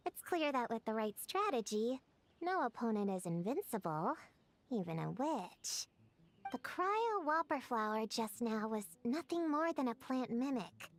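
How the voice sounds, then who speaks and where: A woman voicing a studious young woman in a video game, who muses in a measured, lecturing way. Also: fairly high pitch.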